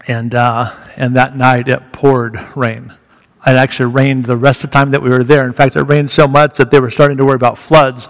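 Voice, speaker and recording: A man speaking as a guest at a church, telling a story to the congregation in a candid, conversational way with rising emphasis. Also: medium pitch. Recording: reverberant church hall.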